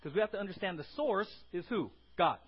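Male pastor, high husky voice, lively preaching to a congregation. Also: fairly quick, dull audio. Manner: animated preaching, asks the congregation questions. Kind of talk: sermon. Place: church sanctuary.

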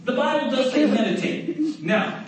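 A man's voice: extremely high pitch, measured pace. A man preaching a sermon in a church, talking to the congregation in an easy, conversational way, asking them questions and saying "right?" often. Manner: conversational, asks the crowd questions, repeats "right?". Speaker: pastor. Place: church sanctuary. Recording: very echoey hall, mic at a distance, faint noise.

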